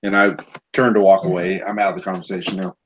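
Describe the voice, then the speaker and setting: A man playing a tabletop game who speaks bluntly and gruffly for his character. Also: low-pitched, little pitch movement, quick pace. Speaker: player. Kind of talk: casual tabletop play. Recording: dull lo-fi recording with faint noise.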